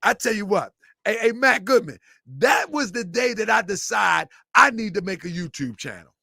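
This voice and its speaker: Animated gravelly-voiced male show host. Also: sits high, moderate pace, no room sound, studio quality. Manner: animated, rambling, repeats himself, bursts of laughter. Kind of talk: casual livestream commentary.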